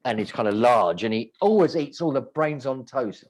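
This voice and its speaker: A man's voice: medium pitch, animated, moderate pace. A man, a restaurant owner, telling wry rambling stories in casual chat, often breaking off and restarting. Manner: rambling, self-interrupting, wry.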